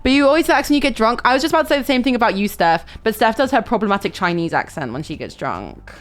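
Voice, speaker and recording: A young woman talks to her livestream chat in an animated, swinging voice. She swears freely and reads comments aloud between stories. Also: fairly high pitch, racing, soft background music.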